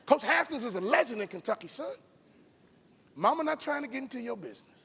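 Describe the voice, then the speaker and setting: A man's voice: very high-pitched, lively intonation, brisk, gravelly, bright, forceful tone, slight background noise, heavily acted. A man playing a fond, no-nonsense mother speaking to her son. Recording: long hall reverb from live arena.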